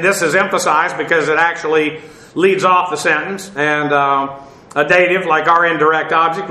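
A man teaching a Bible passage verse by verse, halting with many fillers and spelling out Greek words letter by letter. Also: on the high side, pushed and bright, echoey room, low-quality recording.

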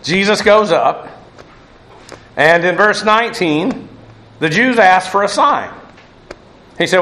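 A man's voice: high-pitched, animated, slow pace, long pauses, sharp tone. A man giving a verse-by-verse Bible teaching, talking in a discursive way with many restarts and asides. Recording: roomy echo.

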